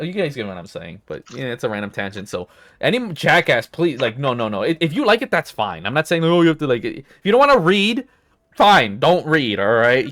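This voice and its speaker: A young man talks fast and rambles through a heated rant, swearing freely. His pitch leaps high and drops low as he gets worked up, over a call-style mic. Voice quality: swears a lot, animated rants with big pitch swings. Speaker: podcast host. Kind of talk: casual podcast chat.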